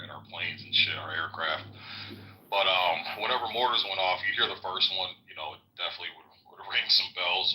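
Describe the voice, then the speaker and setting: Deep-voiced, profane man telling stories. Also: pushed and bright, poor audio. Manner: profane, loose, says "bro" a lot. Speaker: Iraq veteran, guest. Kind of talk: casual storytelling.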